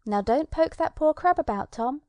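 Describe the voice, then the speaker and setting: A woman voicing a gentle little girl who speaks earnestly and pleadingly, in a storybook reading. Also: high-pitched, expressive, normal speed, no room sound, muffled recording, pitched above the performer's own voice.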